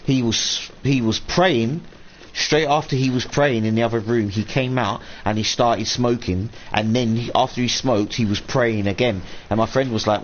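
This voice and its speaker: A man's voice: medium pitch, normal speed. A man venting at length on a live stream, rambling and swearing as he quotes people in a raised voice. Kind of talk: casual live-stream rant. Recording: dull lo-fi stream audio, faint room hum.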